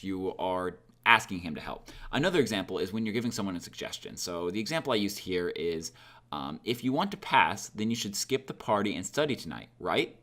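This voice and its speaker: Low-voiced man teaching casually. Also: a bit bright. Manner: conversational, many fillers, acts out example lines. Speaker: language teacher. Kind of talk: casual explanatory lesson.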